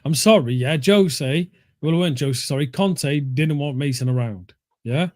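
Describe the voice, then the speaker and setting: A blunt, opinionated man chatting about football on a fan show. His voice sits a little high, and the sound is close and dry with no room echo. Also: moderate pace, a little mellow. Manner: blunt, opinionated, says mate a lot. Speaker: co-host of a fan talk show. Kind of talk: casual football chat.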